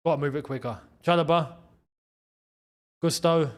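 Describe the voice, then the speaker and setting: A man hosting a live football watchalong, reacting to play and chatting to viewers, shouting at big moments. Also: a little high, moderate pace. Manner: excitable, shouts at goals, chats to viewers. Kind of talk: live match watchalong commentary.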